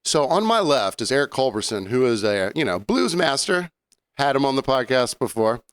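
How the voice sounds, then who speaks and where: Smooth-voiced laid-back podcast co-host man. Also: mid-range voice, big pitch swings, normal speed, no room sound. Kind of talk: casual chat.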